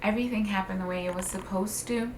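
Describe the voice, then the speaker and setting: A woman's voice: mid-range voice, steady tone, fast talker, noisy background. A young woman, a new mother, telling her birth story in a casual, emotional vlog with lots of "like" and "um.". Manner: emotional, tender, many "like" and "um" fillers. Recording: slightly roomy with faint ambience.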